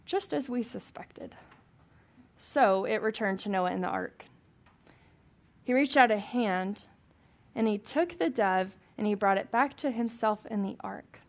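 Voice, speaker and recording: A woman's voice: medium pitch, lively intonation, a little slow, pauses often. A woman leading a Bible study for a small group, reading scripture aloud and chatting with questions to the room.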